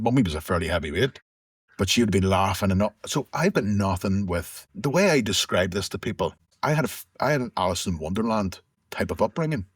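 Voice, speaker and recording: Low husky man, reflective. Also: no room sound, clean studio sound. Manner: reflective, conversational, with restarts. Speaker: interview guest. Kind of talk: candid personal storytelling.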